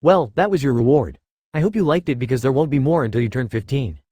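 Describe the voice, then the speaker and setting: A man voicing a shy, affectionate young woman who speaks softly and nervously in an audiobook story. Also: mid-range voice, expressive, fast, no echo, natural voice. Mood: tender. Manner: soft, nervous.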